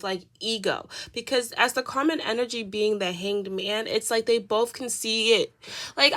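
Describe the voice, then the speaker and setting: A woman's voice: medium pitch, a bit bright. A woman doing a casual tarot reading, talking in a chatty, rambling way with many fillers. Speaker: tarot reader.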